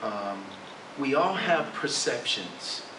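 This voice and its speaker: A man leading a class discussion, speaking thoughtfully and haltingly. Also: medium pitch, animated, recorded from a distance. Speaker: class leader. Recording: echoey room, speaker off mic, noise.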